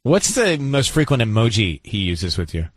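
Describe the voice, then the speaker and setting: Male radio host, lively pitch, playful teasing banter, dry close studio sound. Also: moderate pace, dry recording. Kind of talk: radio talk show chat. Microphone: studio microphone.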